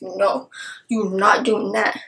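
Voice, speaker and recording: A young woman excitedly reviewing a book, gushing with exaggerated outrage. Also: mid-range voice, slow pace, low-quality recording.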